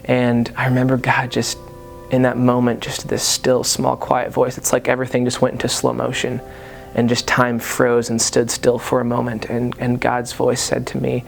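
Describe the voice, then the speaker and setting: Guy with a gravelly voice telling his own survival story, flat delivery, lots of ums, faint music underneath. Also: mid-range voice. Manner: hesitant, full of pauses and fillers. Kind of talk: personal testimony storytelling.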